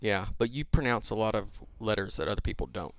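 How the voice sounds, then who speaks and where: A man co-hosting a podcast, answering in a dry, deadpan, offhand way. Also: lowish voice, quick pace, creaky, slight background noise. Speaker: podcast co-host. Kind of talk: casual chat.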